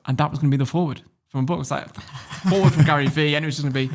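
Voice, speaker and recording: A man with a British English accent, a podcast guest telling a story in a blunt, sweary and animated way. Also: on the high side, racing. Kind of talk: casual storytelling.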